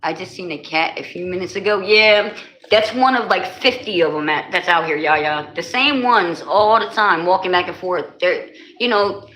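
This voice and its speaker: A woman's voice: fairly low pitch, moderate pace, fairly bright tone, poor audio. A woman with a New Jersey accent chatting casually on a live stream, greeting and answering her viewers.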